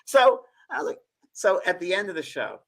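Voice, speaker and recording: A man's voice: sits high, moderate pace, vocal fry. A middle-aged man, a medium, telling stories in a casual chat and acting out the voices of the people he quotes. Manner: animated, acts out quoted voices, laughs often. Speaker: medium and show co-host.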